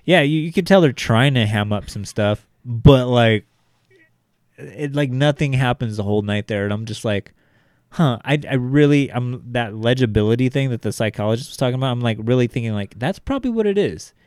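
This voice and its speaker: A man's voice: mid-range voice, a little fast, a little mellow, clear, resonant tone, no echo, clean studio sound. A man co-hosting a podcast, talking in a laid-back, rambling way with plenty of swearing. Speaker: podcast co-host. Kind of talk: casual chat.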